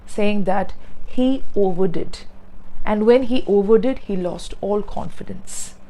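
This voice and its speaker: A woman teaching pronunciation, speaking slowly and deliberately and repeating words to demonstrate sounds. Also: mid-range voice, dark tone, rough recording. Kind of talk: pronunciation lesson.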